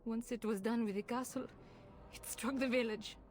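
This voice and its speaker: A woman's voice: a little high, steady tone, moderate pace, a little mellow, lightly acted. An actress playing a frightened noblewoman and mother in a video game, speaking in an anxious, hesitant, pleading way. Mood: fearful.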